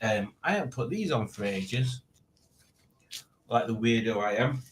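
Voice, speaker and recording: A man's voice: mid-range voice, lively intonation, a little slow, a little hiss or hum. A man in his late forties hosting a casual live stream, rambling and reading out chat with self-mocking asides. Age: 40s.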